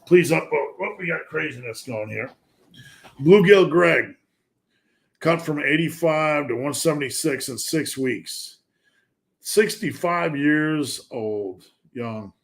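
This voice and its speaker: A man's voice: a little high, lively intonation, slow pace, creaky. A man hosting a live fitness Q&A stream, chatting casually and asking himself rhetorical questions.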